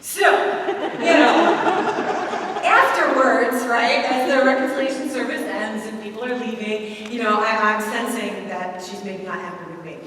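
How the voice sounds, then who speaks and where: Woman speaker, high voice, lively and self-mocking, echoey hall, distant mic. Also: moderate pace, noisy background. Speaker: speaker at a faith event. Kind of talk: storytelling talk.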